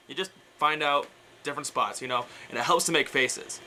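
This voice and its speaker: A man's voice: mid-range voice, brisk, noisy background. A young man explaining death metal vocals in a casual, rambling way, full of fillers and trailing off, breaking into growls and screams as he demonstrates. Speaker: vocal tutorial maker.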